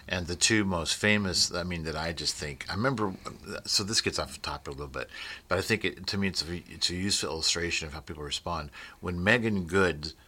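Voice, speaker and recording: Deep-voiced man musing aloud. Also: pushed and bright. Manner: reflective, rambling, restarts and digressions. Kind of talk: casual conversation.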